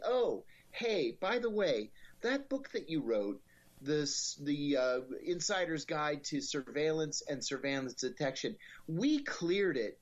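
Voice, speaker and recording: A middle-aged man talks as a guest on an interview show. His delivery is wry and lively, and he slips into little acted voices for the people in his stories. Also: fairly high pitch, muffled recording. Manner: wry, animated storytelling with quoted voices. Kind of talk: storytelling in an interview.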